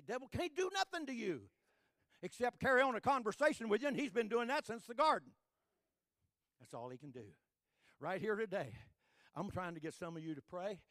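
A man from Texas, preaching a sermon with folksy stories and building to loud, repetitive crescendos. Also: high voice, sing-song, normal speed, long pauses, no room sound, studio quality. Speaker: pastor.

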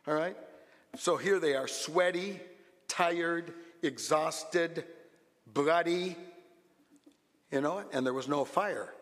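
A man preaches a sermon with a fairly high voice, dropping to quiet asides and then rising to loud exclamations. His words ring out with a long reverb that fills a church hall. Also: slow pace, pauses often. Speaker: pastor.

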